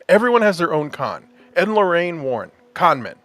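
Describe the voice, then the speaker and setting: Male podcast host, casual and excitable, very expressive intonation. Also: fairly high pitch, normal speed, no echo. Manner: animated, laughs often, enthusiastic. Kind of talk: casual chat.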